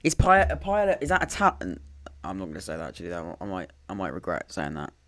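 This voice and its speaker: A man's voice: deep voice, huge pitch swings, fast talker, a bit bright. Rambling man commentating live. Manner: rambling, self-interrupting, dry sarcastic asides. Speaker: podcast host commentating a live watchalong. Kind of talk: casual live match commentary and chat.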